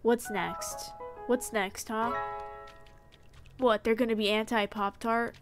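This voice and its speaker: A woman's voice: a little high, steady tone, slow pace, soft background music. A woman streamer giving casual gameplay commentary, playful and mock-indignant as she talks to the game's characters in character.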